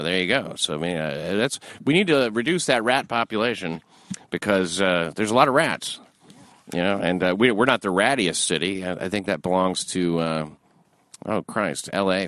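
Low-voiced rambling male talk host. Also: fairly bright tone, no echo. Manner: rambling, halting with many fillers, profane. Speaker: radio show host. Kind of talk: crude casual talk-show chat.

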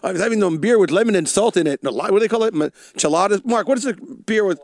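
A man hosting comedy radio banter, an excitable and quick storyteller. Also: sits high, no room sound.

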